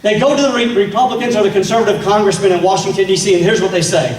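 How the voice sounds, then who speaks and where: Rapid-fire and high-pitched, a man delivers a fiery political speech to a meeting, rousing listeners with rhetorical questions. The recording catches him from a distance in an echoing hall.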